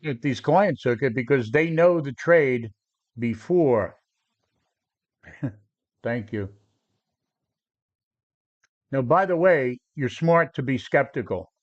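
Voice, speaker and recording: Speaking slowly with frequent pauses, he has an animated mid-range voice, and the highs are cut off. This man in his seventies coaches traders on a live stream, brash and quick to argue with viewers.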